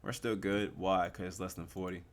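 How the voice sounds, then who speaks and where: A young man giving casual live commentary on his forex trades, slangy and relaxed, asking and answering his own questions. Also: deep voice, normal speed, slight background noise.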